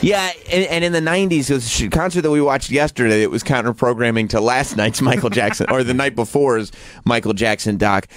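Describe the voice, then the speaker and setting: A man's voice: mid-range voice, fairly quick, hardly any pauses, dry recording, faint music behind. A man hosts a talk radio show with casual, sarcastic banter and crude jokes. His voice sits mid-range and the studio sound is dry and close. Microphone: studio microphone.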